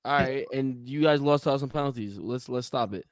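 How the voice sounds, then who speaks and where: A man's voice: mid-range voice, fairly quick, no room sound, clean studio sound. A young man co-hosting a casual sports podcast, playfully indignant and saying "bro" a lot. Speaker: podcast co-host.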